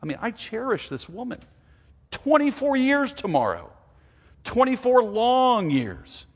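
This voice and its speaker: A man in his forties preaching a sermon as a pastor, earnest and confessional, his pitch and volume rising and falling widely. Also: sing-song, unhurried. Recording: long hall reverb.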